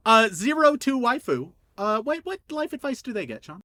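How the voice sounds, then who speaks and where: A man co-hosting a podcast in casual chat, excitable and quick to laugh and swear. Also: very high-pitched, no echo. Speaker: podcast co-host reading listener prompts.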